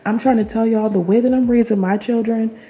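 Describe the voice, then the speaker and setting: A woman's voice: a little high, fairly even intonation, a little fast, dark tone. A young woman talking casually to camera as a vlogger, chatty and affirming, speaking straight to her viewers with laughs and asides.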